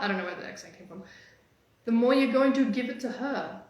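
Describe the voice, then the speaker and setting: A woman dating coach giving energetic, teasing motivational talk on a live stream. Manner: energetic, teasing, fast-changing pitch. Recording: very echoey room.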